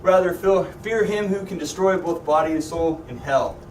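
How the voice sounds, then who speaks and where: At normal speed and with a voice that sits high, a man teaches a Bible class in a church classroom, cracking jokes and questioning his students. The echoey room places his voice at a distance, with slight background noise.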